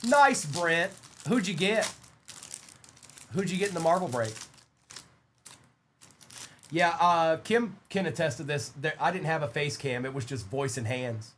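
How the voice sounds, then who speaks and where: An upbeat, chatty man hosts a live-stream card break. His voice sits a touch high as he greets viewers and rattles off player names in quick succession while ripping packs. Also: expressive, a bit bright, a little hiss or hum.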